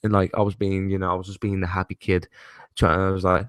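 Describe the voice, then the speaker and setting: A young man rambles through a casual chat show, swearing freely and breaking into laughter. His voice sits fairly low, and the sound is dry with no room echo. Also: flat delivery, fast talker, clear, resonant tone. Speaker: host.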